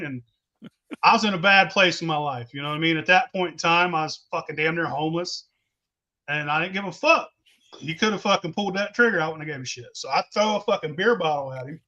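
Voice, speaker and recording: A man's voice: high-pitched, pushed and bright. A man, telling a rowdy, profane story in casual talk and laughing as he goes. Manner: rowdy, swears constantly, laughs mid-story. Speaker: podcast host telling stories.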